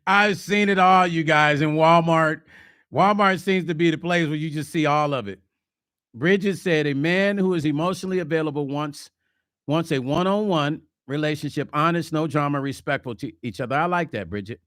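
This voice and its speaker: A man's voice: a little high, normal speed, dry recording. Chatty man with a dry close sound. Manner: chatty, animated, slips into mock quotes. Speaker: vlog host. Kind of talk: casual livestream chat reading comments.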